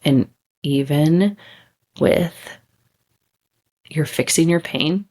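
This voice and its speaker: A low-pitched woman talking straight to her listeners in a loose, candid storytelling way. She chats freely and drops casual swear words as she goes. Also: normal speed. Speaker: podcast host.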